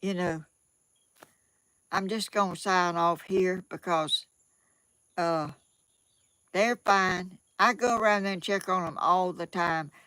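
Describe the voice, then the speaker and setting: A woman's voice: on the low side, fairly even intonation, slow pace, long pauses, bright, forceful tone, clean tone. An older woman from Georgia with a Southern accent, rambling in a casual home vlog and often repeating herself. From Georgia, USA. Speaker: vlogger.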